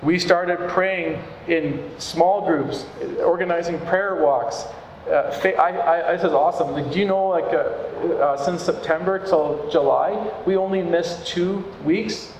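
A man's voice: a little high, slight background noise. A male pastor giving a sermon in a church, in an earnest, conversational preaching manner. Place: church hall. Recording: echoey hall with room ambience.

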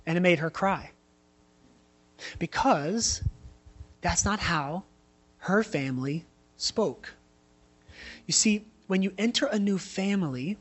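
A man's voice: high-pitched, slightly rough. A man in his thirties preaching a sermon in a conversational way, telling personal stories with frequent asides. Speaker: pastor.

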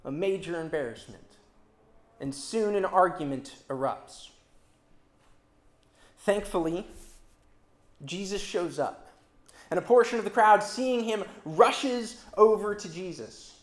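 Expressive preacher in an echoey room. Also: mid-range voice, slow, long pauses. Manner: expressive, emphatic, with dramatic swings in loudness and pace. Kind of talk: sermon. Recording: roomy echo.

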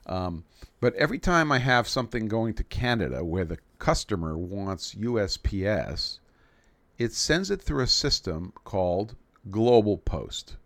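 A man's voice: lowish voice, sing-song, measured pace, a bit bright, no echo. A man from New York City hosting a live stream in casual chat, rambling and joking with frequent restarts. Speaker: livestream host.

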